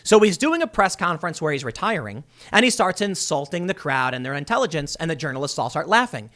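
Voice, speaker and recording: A man's voice: a little high, very animated, quick pace, a bit bright. A man hosting a solo commentary show, ranting with exasperated sarcasm and mocking the people he quotes. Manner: mocking voices when quoting people. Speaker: political commentary host.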